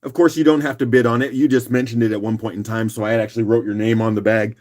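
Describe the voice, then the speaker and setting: Male auction host, rough morning voice, easygoing chatter, mid pitch. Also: fast. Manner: relaxed, chatty, clears throat often. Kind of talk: casual live auction chat.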